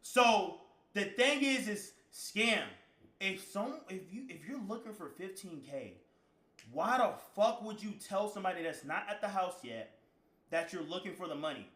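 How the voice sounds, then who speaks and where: Streamer man, bright high voice, profane rambling storyteller, echoey room. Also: lively intonation, unhurried. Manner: profane, slang-heavy, rambling, bursts into shouting. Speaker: live streamer. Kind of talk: casual storytelling to stream chat.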